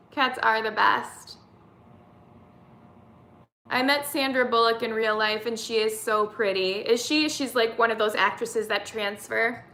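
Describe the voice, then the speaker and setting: A woman's voice: on the high side, bright, forceful tone, roomy sound. A woman in her thirties hosting a casual live-stream chat, reading viewer comments aloud and answering them. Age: 30s.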